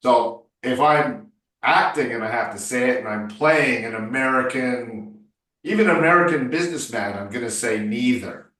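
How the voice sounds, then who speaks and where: A man's voice: medium pitch, normal speed, sharp tone. Emphatic male coach in a roomy echo. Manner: emphatic, corrective, playful. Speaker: English speaking coach. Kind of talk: one-on-one tutoring session. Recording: roomy echo, distant mic.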